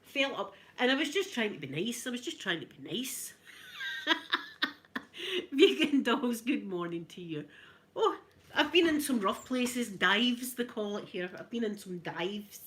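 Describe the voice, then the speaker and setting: A woman's voice: medium pitch, fairly bright tone. A middle-aged Scottish woman with a Glasgow accent, telling stories in a casual, chatty way with frequent "right?" asides. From Scotland. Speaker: vlogger. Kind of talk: casual storytelling while ironing.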